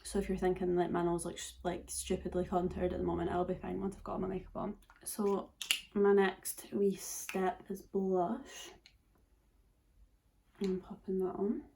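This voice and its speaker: A woman's voice: fairly low pitch, flat delivery, a little slow, vocal fry, dark tone, slight background noise. A nineteen-year-old Scottish woman chatting casually through a makeup tutorial, full of fillers and dropping into whispers at times. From Scotland. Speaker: beauty vlogger.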